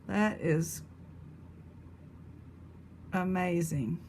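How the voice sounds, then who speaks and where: A woman's voice: lowish voice, extremely slow, darkish tone, slight background noise. A woman chatting casually to viewers as she sorts through a box of old jewelry and talks to her pet. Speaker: jewelry reseller host. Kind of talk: casual unboxing chat.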